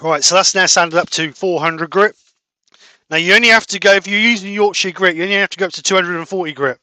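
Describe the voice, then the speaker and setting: Bright, crisp man demonstrating sanding. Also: sits high, fast, no echo, rough recording. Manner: steady step-by-step explaining. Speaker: woodturning demonstrator. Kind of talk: live-stream turning demo.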